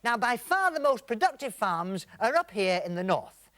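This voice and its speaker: A man fronts a comedy sketch as the patient one who explains everything. His voice runs fairly high and moves up and down a lot as he talks. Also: very animated, normal speed, pushed and bright, no room sound. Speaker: comedy presenter. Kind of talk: comic double-act patter.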